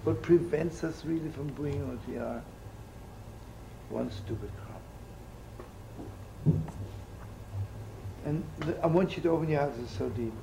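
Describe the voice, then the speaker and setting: Gravelly old-time rabbi telling stories. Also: male voice, on the high side, a little slow, long pauses. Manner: folksy, jokey, sprinkles Yiddish and Hebrew words. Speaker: rabbi teaching. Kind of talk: storytelling sermon. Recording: noisy old recording.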